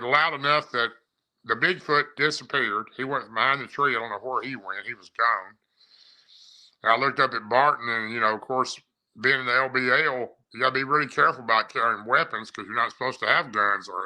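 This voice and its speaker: A man's voice: mid-range voice, bright, forceful tone, low-quality recording. Folksy man recounting a scare. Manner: rambling, repeats himself, folksy phrasing. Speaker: eyewitness recounting an encounter. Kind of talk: casual first-person storytelling.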